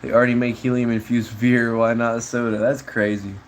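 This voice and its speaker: A man's voice: mid-range voice, level tone, brisk, slight background noise, poor audio. A man chatting casually on a livestream, reading chat in a rambling, slangy way with frequent laughs.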